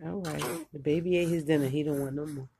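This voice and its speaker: An older woman, a grandmother, chats casually while feeding her grandson, playfully cooing at and teasing the baby. Her voice sits low and creaky with fairly even intonation and a brisk pace, over background noise.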